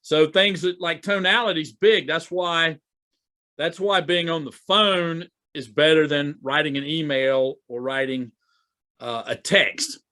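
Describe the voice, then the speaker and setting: A man's voice: a little high, steady tone, unhurried, bright, forceful tone. A man talking as a business coach in a casual, conversational way, often repeating and restarting his words. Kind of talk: casual talk to camera. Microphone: video recording to camera.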